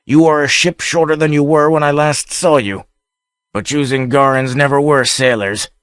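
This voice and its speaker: A man's voice: mid-range voice, normal speed, fairly bright tone, no echo, studio quality, pitched above the performer's own voice, natural voice. A man voicing a bold, swaggering pirate captain who bellows and mocks, in an audiobook reading. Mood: taunting. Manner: bellowing, mocking.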